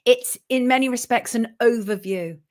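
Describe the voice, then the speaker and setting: Speaking at a normal speed in a fairly high voice, a woman who is a journalist and show host reads out livestream comments. She answers them bluntly and proudly labels herself belligerent, while still warmly thanking her viewers.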